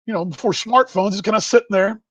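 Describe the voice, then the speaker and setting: A man's voice: high voice, quick pace, a bit bright, breathy edge, dry recording. A middle-aged man, a former baseball broadcaster, telling a casual story full of fillers and self-corrections. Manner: rambling, self-correcting anecdote with many fillers. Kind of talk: casual storytelling on a live stream. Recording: dull, lo-fi, dry.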